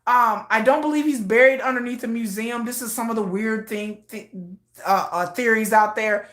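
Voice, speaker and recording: A woman's voice: on the high side, normal speed, fairly bright tone, reverberant. A woman giving casual, emotional commentary, often repeating herself. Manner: emotional, repetitive, restarts often. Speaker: commentary vlogger.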